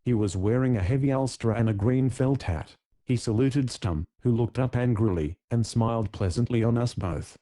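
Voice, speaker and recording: Mellow male audiobook narrator. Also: mid-range voice, normal speed, few pauses. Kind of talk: scripted narration.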